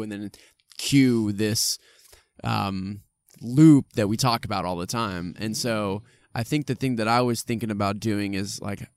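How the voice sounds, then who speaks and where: A man speaking as a podcast guest, relaxed and reflective, often searching for words, recorded outdoors in a park. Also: lowish voice, measured pace, no echo, studio quality. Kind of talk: casual podcast chat. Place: outdoors in a park under a tree.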